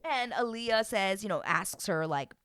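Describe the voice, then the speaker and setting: A woman giving a casual, animated, exclamatory reality-show recap as a vlogger. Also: medium pitch, unhurried, clean tone.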